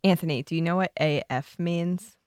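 A woman's voice: lowish voice, normal speed, dry recording. A woman hosting a podcast in casual chat, telling stories animatedly and laughing often. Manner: giggly, animated storyteller. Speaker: podcast host.

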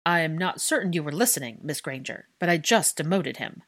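A woman voicing an arrogant, brusque middle-aged male official, speaking slowly and clipped. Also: deep voice, lively intonation, a bit bright.

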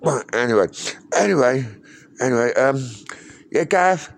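A stammering man rambles through a comic monologue, circling back and repeating himself. His voice sits at an ordinary middle pitch for a man. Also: expressive, unhurried, creaky, no echo.

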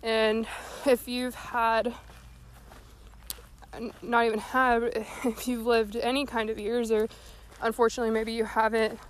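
A woman's voice: fairly high pitch, flat delivery, a little slow, slight background noise. Breathless young woman with a folksy drawl. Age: young adult. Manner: rambling, folksy, earnest. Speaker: podcast host. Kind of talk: casual solo talk. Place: walking outdoors.

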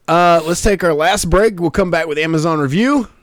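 A man's voice: fairly high pitch, normal speed, no room sound. A man hosting a podcast in casual chat, joking and laughing often. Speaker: podcast host.

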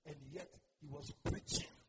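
Male preacher, very high lively voice, fiery sermon, loud noisy recording. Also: normal speed. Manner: swings between loud declarations and hushed asides. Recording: loud background noise.

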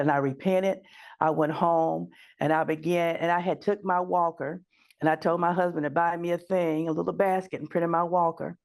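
A woman's voice: on the low side, gravelly, darkish tone. A middle-aged woman giving an earnest, emotional personal faith testimony as a guest, slipping into fervent prayer.

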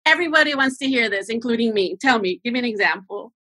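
Bright, higher-voiced woman host, chatty and encouraging, dry close sound. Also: animated, fast, breathy edge, dry recording. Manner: chatty, prompting, agreeable. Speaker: podcast host. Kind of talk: casual podcast conversation.

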